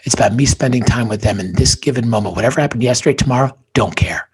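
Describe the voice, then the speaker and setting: A man, a guest, telling a personal story with feeling, dropping to hushed near-whispers and rising to intense emphasis. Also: mid-range voice, fast talker, slightly rough.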